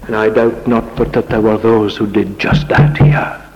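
A man preaching a sermon in a church, with dramatic rising questions and sudden quiet passages. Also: on the low side, level tone, moderate pace, big-room sound, highs cut off, faint music behind.

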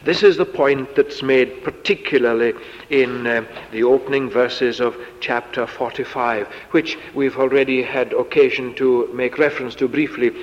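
Male preacher for a slow, weighty sermon; dull, muffled recording with a long echo. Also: medium pitch, steady tone. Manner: slow, deliberate, with dramatic sarcastic quoting. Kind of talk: sermon, Bible exposition.

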